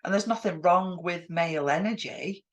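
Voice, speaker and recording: A woman's voice: lowish voice, normal speed. A woman in her forties co-hosting a podcast, candid and self-deprecating, sounding tired. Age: 40s. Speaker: podcast co-host. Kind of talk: conversational discussion.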